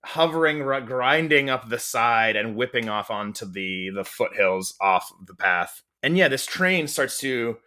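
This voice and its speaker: A man's voice: mid-range voice, expressive, a little slow, hardly any pauses, sharp tone. A man acting as game master, describing the scene at length with lots of restarts and fillers. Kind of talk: narrating a tabletop game.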